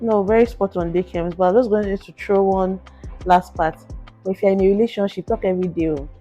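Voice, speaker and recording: A Nigerian woman co-hosting a podcast in casual chat, talking quickly and repeating herself as she gets going. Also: mid-range voice, steady tone, warm tone, muffled recording, faint music behind. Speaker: podcast co-host.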